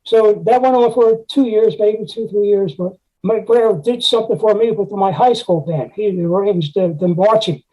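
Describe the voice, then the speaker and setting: Speaking at normal speed with few pauses, this retired music teacher, an older man, wanders through anecdotes in an interview, dropping frequent "you know"s and scatting out musical articulations. His voice sits high with a dark tone. It's a conversational storytelling interview with poor audio.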